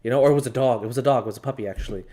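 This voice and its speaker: A man's voice: mid-range voice, racing, mellow. A man chatting casually over a game, laughing often and swearing as he rambles through stories. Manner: profane, laughing, rambling storyteller. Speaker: gaming channel co-host. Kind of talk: casual chat over gameplay.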